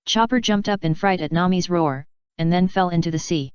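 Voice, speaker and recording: Lady reading fanfic audiobook, lowish smooth voice, kinda muffled dry sound. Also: a little fast, no echo. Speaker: audiobook narrator.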